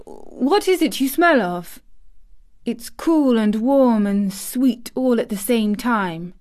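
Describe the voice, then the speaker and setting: A woman's voice: a little high, lively intonation, takes it slowly, darkish tone, voice pushed up. A woman voicing a sickly, fretful young boy in a storybook reading. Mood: delighted.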